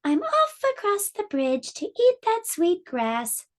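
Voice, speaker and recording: A woman's voice: very high-pitched, wildly swooping pitch, takes it slowly, pitched above the performer's own voice, exaggerated voice. A woman voicing the smallest, timid billy goat in a children's storybook reading, pleading in a small voice. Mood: eager.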